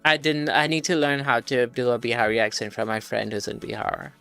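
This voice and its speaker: A woman's voice: a bass voice, little pitch movement, brisk, creaky, fairly bright tone, faint music behind. A young woman from India, chatting casually on a livestream while she studies medicine, reading questions aloud, swearing and laughing often. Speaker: streamer studying medicine.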